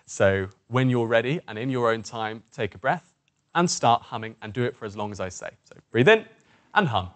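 Male presentation coach, mid pitch, encouraging and instructive. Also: lively intonation, moderate pace. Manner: encouraging, demonstrative, coaxing participants along. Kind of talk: instructional voice warm-up lesson.

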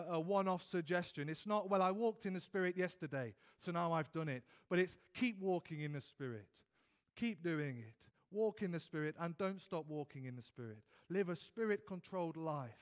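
A man with a British accent preaching an evening sermon in church, earnest, often restarting and repeating words as he builds emphasis. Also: high voice. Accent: British English.

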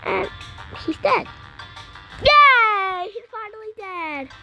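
Young girl, gameplay commentator, very high and bright, excitable and easily frustrated, faint music underneath. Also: slow pace. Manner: excitable, frustrated outbursts at the game. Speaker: gamer.

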